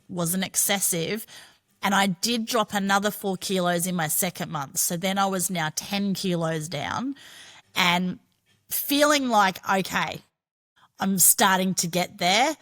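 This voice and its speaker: A woman's voice: medium pitch, measured pace, a bit bright. A middle-aged Australian woman telling her own story as a podcast guest, frank and chatty, swearing freely. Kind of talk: candid personal storytelling.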